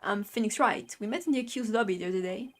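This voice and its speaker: A woman's voice: medium pitch, fast talker, close to an everyday voice. Woman reading an earnest young defense lawyer. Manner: polite, earnest.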